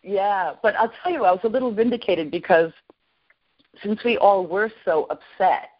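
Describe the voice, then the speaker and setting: A woman in her sixties, a podcast guest, excitedly and emotionally telling a personal story. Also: medium pitch, moderate pace. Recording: lo-fi podcast audio.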